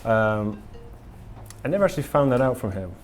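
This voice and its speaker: A man speaking at a conference, candid and eager, rambling through his points with many ums. His voice sits at an ordinary middle pitch for a man. The sound is a live talk in a hall. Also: expressive, fairly quick, slight background noise. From England.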